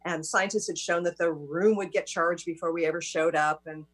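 A woman's voice: fairly low pitch, steady tone, normal speed, faint music behind. A woman hosting an interview, chatting casually and affirming her guest often. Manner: warm listener, frequent affirmations. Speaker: host.

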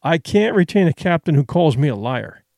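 A man playing a composed ship owner in a spoken story, quiet and clipped, his low steady lines kept cool and controlled, heard dry and close with nothing around him. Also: moderate pace, no echo. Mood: quiet, firm. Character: calm, stern male ship owner.

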